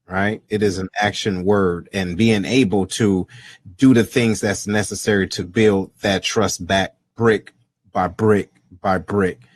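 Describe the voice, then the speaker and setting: A man hosting an interview in a relaxed way, affirming his guest and repeating phrases for emphasis. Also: on the low side, no echo, studio quality. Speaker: host. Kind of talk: casual interview talk.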